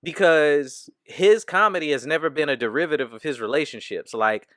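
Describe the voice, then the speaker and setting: A man's voice: on the high side, moderate pace, fairly bright tone, no echo, clean studio sound. A man hosting a comedy podcast, talking in a loose, slangy way and laughing often. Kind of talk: casual chat.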